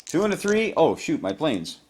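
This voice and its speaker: A man playing a board game at home and narrating each dice roll to his viewers, growing excited as the rolls go his way, recorded on his own camera. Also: on the high side, moderate pace, husky. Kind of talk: casual play-by-play of a board game. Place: home, indoors.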